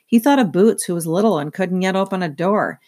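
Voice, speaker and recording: A woman narrating a children's novel aloud in a steady, clear storytelling manner. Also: lowish voice, a little fast. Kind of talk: children's book read-aloud.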